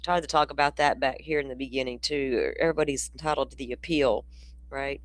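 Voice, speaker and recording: A woman's voice: very deep voice, fairly quick, no room sound. A woman hosting a casual livestream, talking bluntly and profanely in a rambling way while she keeps yawning. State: yawning, sleepy. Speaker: livestream host.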